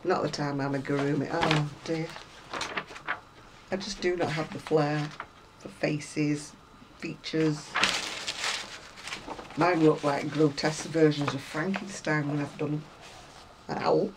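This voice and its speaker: A woman's voice: deep voice, flat delivery, takes it slowly, long pauses, noisy background. A woman chatting casually to viewers about craft magazines, rambling and self-deprecating, a little unwell. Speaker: craft vlogger.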